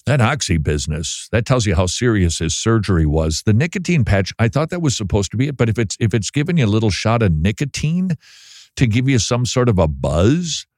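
A man's voice: fairly low pitch, sing-song, fairly quick, a little mellow, dry recording, studio quality. Wry, chatty man hosting a talk show. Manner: chatty, wry, reads listener emails aloud. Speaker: Christian radio host. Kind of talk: casual talk show commentary.

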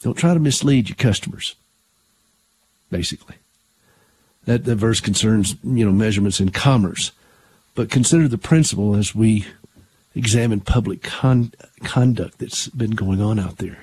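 A man's voice: lowish voice, normal speed, pauses often, darkish tone, slightly rough. An older man hosting a Christian talk radio show in an earnest, conversational way, often restarting his sentences.

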